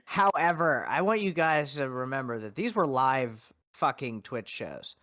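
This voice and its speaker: A man's voice: medium pitch, measured pace. A man who is a guest on a podcast and a dungeon master, telling stories with acted-out quotes and heavy swearing. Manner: animated storyteller who acts out quotes, swears a lot. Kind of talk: casual podcast chat.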